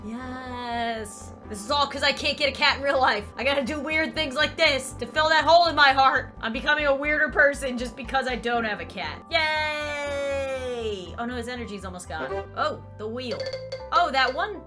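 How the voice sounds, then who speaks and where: A woman's voice: sits high, brisk, sharp tone, soft background music. A young woman doing let's play commentary, chatting animatedly and cooing in baby talk at a virtual kitten. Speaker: gaming YouTuber.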